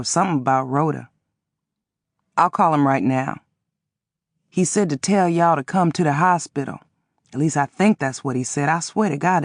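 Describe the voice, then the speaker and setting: A woman's voice: low-pitched, no echo, clean studio sound. A woman voicing a tired old father who grumbles and rambles.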